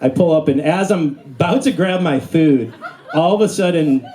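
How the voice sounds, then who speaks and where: A young man performing a stand-up comedy set on a club stage. His storytelling is animated, and he jumps into high, squeaky voices for the characters he acts out. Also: normal speed. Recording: live audience laughter throughout.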